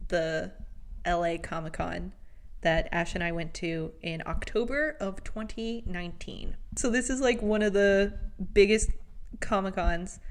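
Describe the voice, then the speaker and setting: Animated young woman telling stories. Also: on the low side. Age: 20s. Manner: animated storytelling, quick asides. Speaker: podcast co-host. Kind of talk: casual chat.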